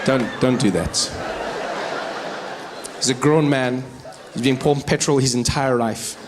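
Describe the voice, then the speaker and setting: A South African man doing stand-up comedy, telling animated stories on stage. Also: medium pitch, measured pace, noisy background. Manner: animated, storytelling.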